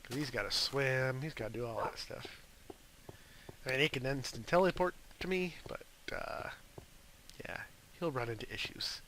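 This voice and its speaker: A man's voice: mid-range voice, moderate pace, a bit bright, a little hiss or hum. A young man rambling casually through gameplay commentary, chatting and talking fondly to his pet wolf. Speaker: gaming video host.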